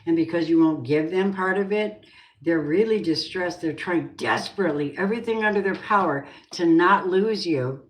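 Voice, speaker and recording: A woman's voice: fairly low pitch, normal speed. A woman giving a tarot reading, musing and asking the cards and spirit questions aloud. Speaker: tarot reader. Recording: roomy echo.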